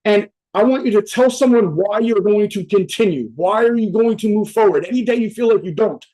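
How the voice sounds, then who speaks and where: A man's voice: sits high, a little fast, warm tone. A man giving a casual, profane motivational talk to a virtual summit over a video call. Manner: blunt, profane, conversational. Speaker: motivational speaker.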